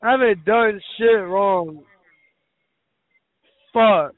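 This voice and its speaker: A drunk man calling in, whining and cursing loudly about being wronged. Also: high voice, very slow, no room sound. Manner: slurred, self-pitying, cursing and shouting. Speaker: caller. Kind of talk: angry phone rant. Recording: tinny phone line.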